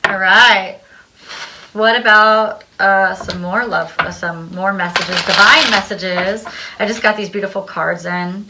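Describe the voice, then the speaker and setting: A woman's voice: medium pitch, steady tone, a little slow, noisy background. A woman giving a casual spiritual tarot reading, rambling and enthusiastic, acting out little back-and-forth dialogues as she talks. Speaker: tarot card reader.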